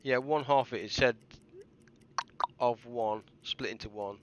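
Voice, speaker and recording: A man's voice: medium pitch, unhurried, highs cut off, a little hiss or hum. A British man chatting casually while streaming a game live, rambling and often restarting his sentences. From Britain. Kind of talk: casual live gameplay chat.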